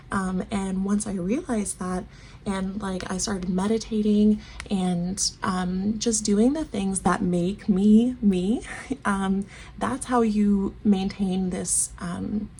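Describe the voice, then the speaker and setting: A woman with a gravelly, mellow voice gives a casual tarot reading straight to the listener. She gushes affectionately, chats with frequent ums and repeated words, and sounds close to tears. A faint hiss sits under her voice. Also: medium pitch. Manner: gushing and affectionate, calls the listener babe; emotional, near tears, laughs often. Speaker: tarot reader.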